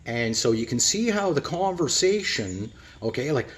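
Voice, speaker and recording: A man's voice: medium pitch, big pitch swings, normal speed. A middle-aged man giving a rambling casual monologue to his viewers, often calling them "people" and repeating his words. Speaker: vlogger.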